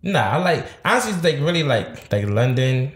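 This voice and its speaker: Lively slangy man with a New York accent. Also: mid-range voice, moderate pace. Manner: loose slangy banter, many fillers. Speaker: podcast co-host. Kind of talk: casual podcast chat. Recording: roomy echo.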